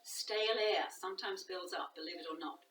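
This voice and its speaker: A woman teaching a guided yoga class, calm and soft-spoken, often dropping to a near whisper. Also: fairly low pitch, brisk, slight background noise. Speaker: yoga instructor. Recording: echoey room, voice from a distance.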